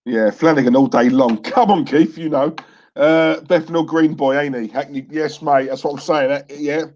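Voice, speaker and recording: A man's voice: fairly high pitch, steady tone, moderate pace, darkish tone, lo-fi sound, a little hiss or hum. A man co-hosting a live stream, chatting casually and laughing often. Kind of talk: casual chat.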